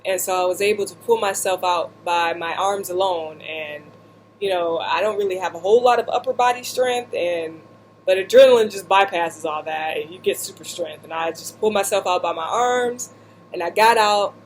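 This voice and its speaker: A woman vlogger telling a humorous personal story while seated indoors, animated and slipping into voices and asides. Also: fairly low pitch, normal speed, a little hiss or hum.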